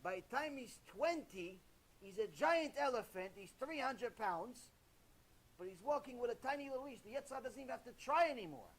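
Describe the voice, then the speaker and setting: A man preaching a sermon as a rabbi, animated, repeating himself and asking rhetorical questions. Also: extremely high pitch, brisk, husky.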